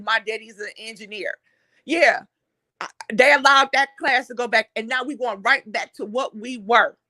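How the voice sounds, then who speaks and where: A woman's voice: a little high, sharp tone, dry recording. A woman hosts an impassioned monologue. She talks bluntly and heatedly and swears often. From Detroit, USA. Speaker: online talk show host.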